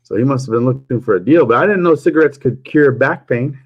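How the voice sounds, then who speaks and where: A man's voice: mid-range voice, animated, quick pace, breathy edge, highs cut off. A man hosting a casual livestream chat, telling jokey stories and chuckling often. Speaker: livestream host.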